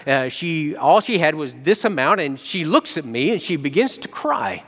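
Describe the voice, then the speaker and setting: Male pastor giving a sermon, earnest, restarts a lot, voice slightly high, long hall reverb. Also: animated, normal speed, a bit bright. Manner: earnest storytelling with frequent restarts.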